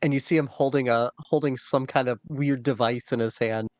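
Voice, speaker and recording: Brisk man running a tabletop game. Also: mid-range voice, steady tone, no echo. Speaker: game master. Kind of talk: running a tabletop game over an online call. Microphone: online call microphone.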